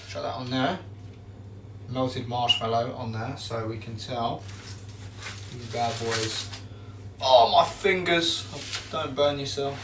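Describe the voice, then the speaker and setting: A man chatting casually on a live stream while he bakes in his kitchen, excitable and repeating his catchphrases. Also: medium pitch, takes it slowly, long pauses, far from the mic, slight background noise. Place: home kitchen. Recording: roomy echo, away from the mic.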